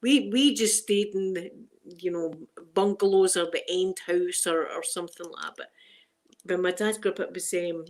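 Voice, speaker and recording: A woman's voice: lowish voice, moderate pace, darkish tone. Chatty Scottish woman live-streaming. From Scotland. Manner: chatty, rambling, laughs often. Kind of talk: casual chat with live viewers.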